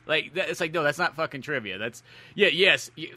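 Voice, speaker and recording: A man's voice: on the high side, a little fast. A man co-hosting a podcast, joking and swearing in casual banter. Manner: joking, profane, animated. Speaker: podcast co-host.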